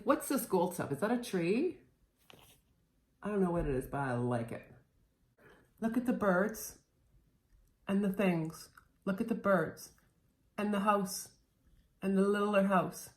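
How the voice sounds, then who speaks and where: In an echoey room, a woman in her thirties playfully shows off her cross-stitch haul, chatting casually and a bit scattered with lots of fillers. Her voice is medium-pitched with a darkish tone.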